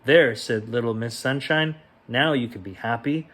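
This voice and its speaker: A man reading a children's picture book aloud as a bedtime story, gentle and unhurried, giving the quoted lines their own ups and downs. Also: mid-range voice.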